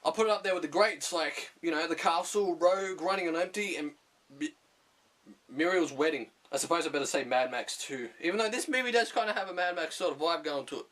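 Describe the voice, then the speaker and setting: A man's voice: on the high side, animated, a little fast, a bit bright. An Australian man giving a comedic film review, profane, jokey and sarcastic. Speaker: movie reviewer.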